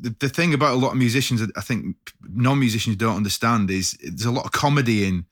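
A man's voice: medium pitch, fast talker, fairly bright tone, no room sound, studio quality. A man hosting a casual interview, laughing along and often restarting phrases. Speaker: host. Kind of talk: casual chat.

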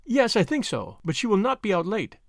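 A man's voice: high voice, huge pitch swings, fairly quick, dry recording, studio quality, voice pushed up, full character voice. A man voicing an impulsive, eager young woman adventurer in an audiobook, in a raised, breathless delivery. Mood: earnest. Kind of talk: audiobook character voice.

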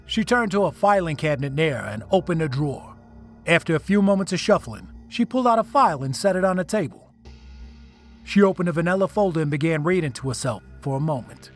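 A man narrating a dramatic first-person story, in an expressive delivery. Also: on the high side, fast, soft background music.

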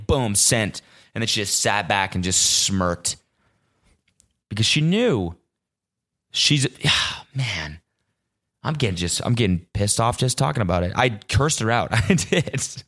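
A young man hosting his own podcast, ranting casually with lots of swearing and indignant outbursts. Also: moderate pace. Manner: animated, swearing, voice jumping high when indignant. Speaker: podcast host. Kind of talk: casual solo podcast rant.

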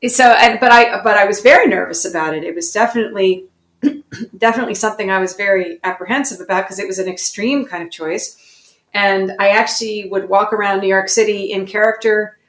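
A woman's voice: mid-range voice, fairly quick, a bit bright, roomy sound. A woman being interviewed as a guest actor, telling stories in a reflective, self-correcting way. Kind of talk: interview conversation.

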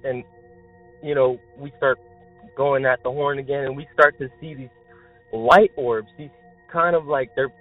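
A young man phones in to share a strange experience, rambling excitedly and leaning hard on filler words. His voice sits at an ordinary middle pitch. It comes through a thin, dry phone line with faint music behind it. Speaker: caller telling a paranormal experience. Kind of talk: casual storytelling.

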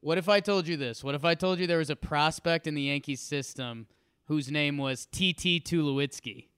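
A man co-hosting a sports podcast, rambling with enthusiasm and repeating his words. His voice is smooth and clear and fairly high, and it sits close to a dry mic. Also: moderate pace, fairly bright tone, no echo. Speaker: podcast co-host. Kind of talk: casual sports podcast chat and ad read.

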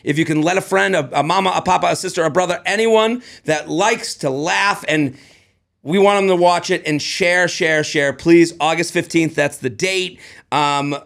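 A man in his thirties, a comedian co-hosting a podcast, chatting in a rambling, excitable way with lots of restarts. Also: fairly high pitch, normal speed, gravelly. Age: 30s. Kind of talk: casual chat.

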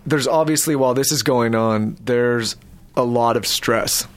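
A man's voice: medium pitch, measured pace. Easygoing man hosting a podcast. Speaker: podcast host. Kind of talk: casual chat.

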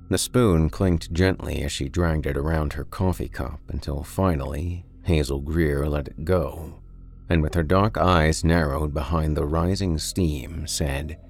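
Man, very deep voice, gravelly, dark deliberate horror storytelling, faint music behind. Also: steady tone. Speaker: podcast storyteller. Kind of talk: dramatic horror story narration.

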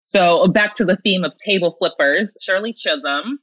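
A woman's voice: lowish voice, moderate pace, dry recording, highs cut off. A woman in her thirties, a podcast guest and consultant, answering interview questions earnestly and with emotion. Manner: earnest, animated, tearful at times. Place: home.

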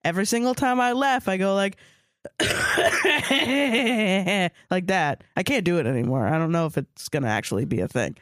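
A woman's voice: on the low side, quick pace, few pauses, no echo. Young woman, sick and congested, casual sweary podcast chat, dry close sound. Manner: sweary, animated, mimics other people. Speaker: podcast co-host.

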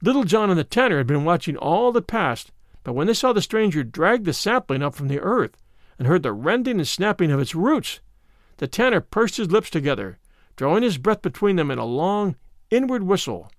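A man reading a classic tale aloud with expressive storytelling. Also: sits high, moderate pace, no echo, clean studio sound. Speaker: narrator. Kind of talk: scripted narration of a classic tale.

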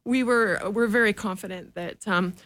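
A woman guest sits in a radio studio and answers the host's questions. She explains things earnestly and step by step, in a voice of middling pitch. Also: moderate pace, a bit bright. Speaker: guest, dog owner.

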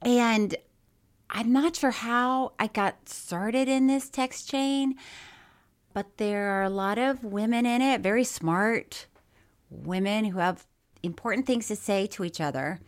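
A middle-aged woman with a slightly high voice speaks slowly as a podcast co-host. In casual chat she laughs often and reads listener mail aloud.

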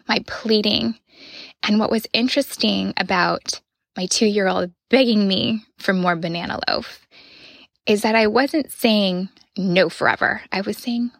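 Woman in her thirties, podcast host, slow earnest delivery, drifts into whispers, dry close mic. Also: medium pitch, creaky, no room sound. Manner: soft, earnest, often drops to a whisper. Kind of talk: personal reflective monologue.

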